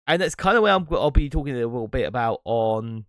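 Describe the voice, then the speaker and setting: A man's voice: mid-range voice, animated, fairly quick, dry recording, clean studio sound. A man hosting his own podcast, talking alone in a rambling, reflective way and breaking into laughs now and then. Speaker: podcast host and streamer. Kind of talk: casual solo monologue.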